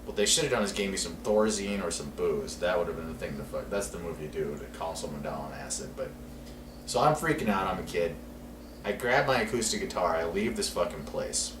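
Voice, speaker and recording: A man's voice: sits low, animated, fairly quick. A man telling a rambling, profane story in casual podcast talk. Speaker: podcast co-host. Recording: echoey room, distant mic, noisy.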